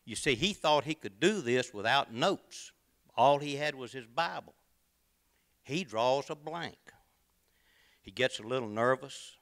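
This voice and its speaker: A man's voice: medium pitch, lively intonation, unhurried, pauses often. A man from Tennessee, telling a comic tall tale to an audience in a folksy, dramatic manner. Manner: folksy, dramatic, shifts between loud and quiet. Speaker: contestant storyteller.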